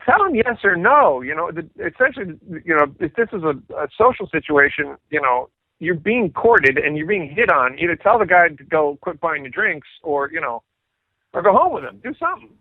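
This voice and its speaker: A middle-aged man, a bassist guest, telling stories in an animated way and acting out what people said. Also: fairly quick, no room sound. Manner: animated storyteller acting out quoted dialogue. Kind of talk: casual storytelling interview. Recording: tinny phone-like line, dry.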